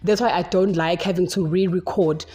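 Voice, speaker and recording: A woman's voice: fairly low pitch, steady tone, normal speed, dark tone. A young adult woman with a South African accent, hosting a solo podcast and talking unscripted in a rambling, chatty way. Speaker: podcast host. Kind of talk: casual solo podcast monologue.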